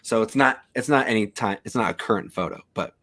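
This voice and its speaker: A man with a lowish voice chatting casually about photos and cameras over a video call. He rambles in a relaxed way, full of "um" and restarts, like a friendly shop regular talking shop. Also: fairly quick.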